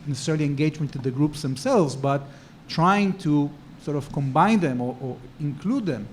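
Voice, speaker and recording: A man moderating a conference panel, speaking haltingly with many pauses and fillers. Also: fairly high pitch, animated, slight background noise. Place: conference hall.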